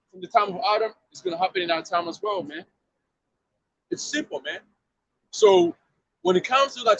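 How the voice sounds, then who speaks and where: A man's voice: high voice, gravelly, fairly bright tone, husky, dry recording, rough recording. A man street preaching outdoors to a passer-by, emphatic and slangy, often repeating himself and asking if you see what he means.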